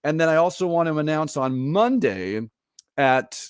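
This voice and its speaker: Reading quotes aloud and laughing often, a podcast co-host chats casually and animatedly. His voice is a little high and clean, animated, at a moderate pace. The recording is dry and studio quality.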